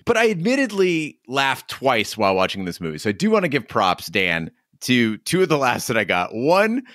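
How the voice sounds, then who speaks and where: A man's voice: fairly low pitch, sing-song, moderate pace, a bit bright, no echo, studio quality. A man co-hosting a casual movie-review podcast, giving wry, critical commentary. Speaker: podcast co-host.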